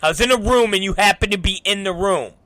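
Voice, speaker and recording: A man hosting a talk show, telling a story in a casual, profane, animated way. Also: high voice, fast talker, no echo. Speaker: show host.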